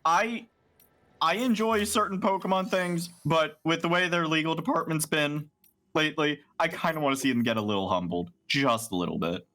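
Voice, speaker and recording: A man hosting a casual gaming stream, talking in an animated, rambling, profane way. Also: fairly high pitch, moderate pace. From United States. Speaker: streamer host.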